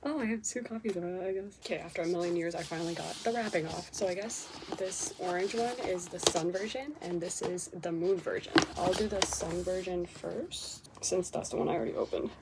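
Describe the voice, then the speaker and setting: A young woman casually chatting through an unboxing, excitable and chatty, gasping and swearing at cute finds. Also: fairly low pitch, brisk, few pauses. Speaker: vlogger unboxing K-pop merchandise. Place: bedroom with posters. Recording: home recording with audible background noise.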